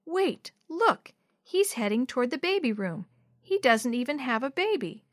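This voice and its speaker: A woman's voice: high voice, big pitch swings, a little slow, dry recording, clean studio sound. A woman voicing an eager, anxious young girl who talks urgently.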